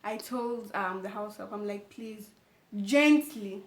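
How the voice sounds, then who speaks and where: A young woman, telling a storytime vlog in an animated way and often calling her viewers "guys". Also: medium pitch, normal speed. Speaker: vlogger. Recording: echoey room.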